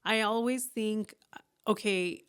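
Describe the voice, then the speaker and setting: Smooth-voiced woman around forty, candid and animated. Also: mid-range voice, takes it slowly. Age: about 40. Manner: candid, animated, acts out her own thoughts in quoted asides. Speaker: business owner, guest. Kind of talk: casual interview talk.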